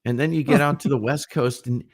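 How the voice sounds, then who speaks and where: A middle-aged man co-hosting a casual livestream chat, telling rambling, animated stories. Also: mid-range voice, a little fast. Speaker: livestream co-host.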